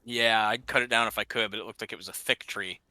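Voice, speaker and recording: A man's voice: on the low side, fairly even intonation, fast, pushed and bright. A man chatting casually and rambling while playing a game, laughing at himself often. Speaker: gamer. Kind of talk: casual gaming chat.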